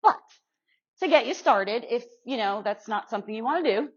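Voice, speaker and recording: A woman's voice: fairly high pitch, lively intonation, brisk. Chatty woman giving a live workshop demo. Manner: chatty, checks in with the audience constantly; self-deprecating humor. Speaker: guest speaker teaching social media to real estate pros. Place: meeting room before a live audience. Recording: muffled lo-fi sound.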